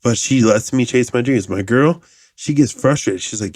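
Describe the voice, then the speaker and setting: A man in his thirties hosting a podcast, talking in a casual, profane, rambling monologue with animated asides. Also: medium pitch, moderate pace, dry recording, studio quality. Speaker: podcast host.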